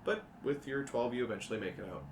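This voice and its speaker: A man's voice: mid-range voice, quick pace, noisy background. A man narrating a tabletop game as game master. He rambles casually and swears. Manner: rambling, laughing, profane asides. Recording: echoey room, mic at a distance.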